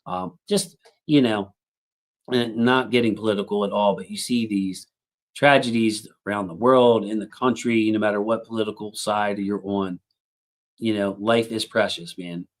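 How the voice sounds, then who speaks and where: A man's voice: fairly low pitch, fairly even intonation, moderate pace. A man in his thirties hosting a casual sports livestream, rambling through thanks to his chat with lots of fillers.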